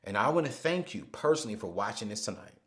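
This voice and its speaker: A man hosting a live finance webinar, speaking emphatically and repeating phrases, sometimes dropping to a hushed storytelling voice. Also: lowish voice, sing-song, fast. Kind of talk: live motivational money teaching.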